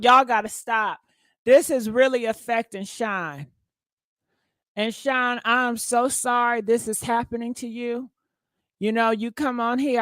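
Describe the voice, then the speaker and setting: High-voiced woman hosting a gossip stream. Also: no echo. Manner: exclaiming, talks straight to viewers. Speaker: gossip channel host. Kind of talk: live-stream gossip commentary.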